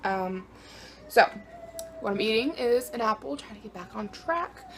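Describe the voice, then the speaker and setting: A woman's voice: on the high side, unhurried. Chatty woman in her twenties vlogging. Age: 20s. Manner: chatty and easily excited, laughs often. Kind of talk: casual vlog chat to camera. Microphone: phone camera.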